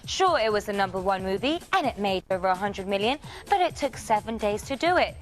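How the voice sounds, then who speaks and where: A woman's voice: medium pitch, sing-song, brisk, soft background music. A woman with a British accent hosting a scripted entertainment news segment in a cheeky, playful way. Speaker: TV news host.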